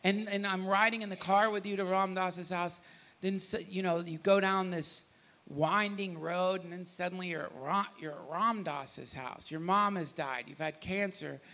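A man telling an emotional personal story on stage at a retreat, animated, laughing, his voice sometimes breaking. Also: high-pitched, moderate pace. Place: retreat gathering with an audience.

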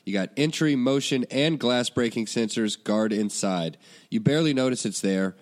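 A man's voice: mid-range voice, normal speed. A man co-hosting a podcast, chatting casually with a laid-back, swearing manner and hyping sponsors. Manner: laid-back, profane, hypes products. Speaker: podcast co-host. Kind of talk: casual chat and ad reads.

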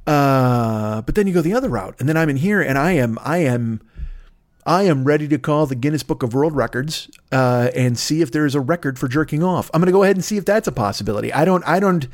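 Profane, rambling middle-aged male podcaster. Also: fairly high pitch. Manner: profane, rambling, self-mocking. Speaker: podcast host. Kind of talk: comedic monologue. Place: home.

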